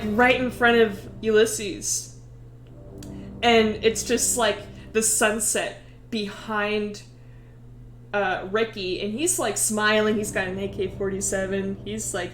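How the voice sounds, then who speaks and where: Woman streamer, casual storytelling, crude, giggly, high voice, echoey room, faint music.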